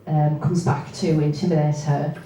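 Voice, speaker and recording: A woman reading from her own novel, with hesitant spoken asides between steady passages. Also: sits low, normal speed. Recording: echoey room, distant mic, faint noise.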